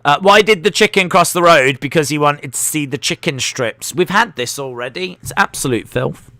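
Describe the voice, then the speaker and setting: A man's voice: a little high, normal speed, bright, forceful tone, dry recording. A man hosting a live wrestling watch-along, chatty and jokey, reacting aloud as he goes. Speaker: live stream host.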